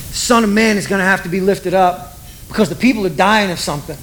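A man preaching a sermon, telling a Bible story in a lively way and acting out the voices of the people in it. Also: high-pitched, slight background noise, poor audio. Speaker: pastor.

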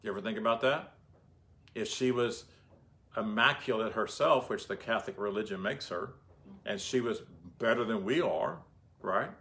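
A man's voice: fairly low pitch, moderate pace, gravelly, a bit bright. A man giving informal Bible teaching in a conversational way, often asking his listeners rhetorical questions.

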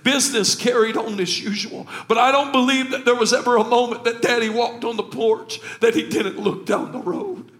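Emotional preacher guy, high voice, goes from soft to shouting in a sermon. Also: fairly even intonation, moderate pace, hardly any pauses. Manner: swings from quiet to shouting with emotion. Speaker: pastor.

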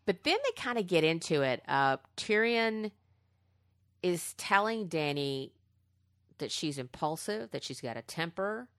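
A woman's voice: fairly low pitch, unhurried, no echo, studio quality. A woman co-hosting a podcast, recapping a TV episode in casual chat and acting out the quotes. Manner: animated retelling with acted-out quotes. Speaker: podcast co-host.

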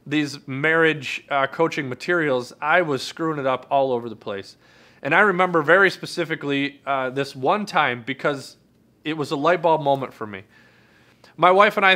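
A man's voice: fairly high pitch, sharp tone. A man preaching a sermon, telling a personal story in an earnest way and often asking "right?". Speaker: pastor.

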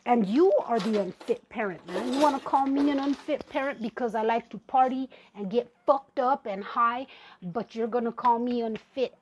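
A woman's voice: on the high side, a little mellow, a little hiss or hum. A woman hosting a podcast, ranting angrily and profanely in a confrontational personal monologue. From Native American. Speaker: podcast host.

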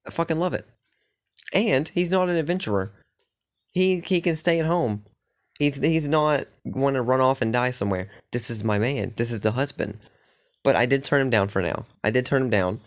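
A man's voice: medium pitch, normal speed. A man casually recapping his playthrough of a fantasy game, rambling and swearing with lots of filler words. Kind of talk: casual chat.

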